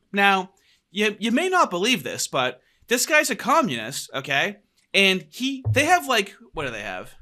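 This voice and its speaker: A man's voice: high voice, bright, forceful tone. A man hosting a podcast in casual chat, talking in a sarcastic, mocking way. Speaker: podcast host.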